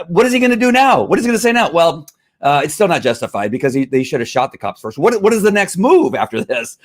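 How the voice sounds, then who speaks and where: A man hosting a podcast, talking in heated, rambling political commentary, full of restarts and worked-up outbursts. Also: high voice. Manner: fired-up, rambling, with frequent restarts. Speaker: podcast host.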